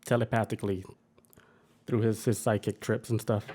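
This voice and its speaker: A man's voice: fairly low pitch, little pitch movement, moderate pace, dark tone, slight background noise. A man hosting a podcast in loose, profane, enthusiastic casual chat. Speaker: podcast host.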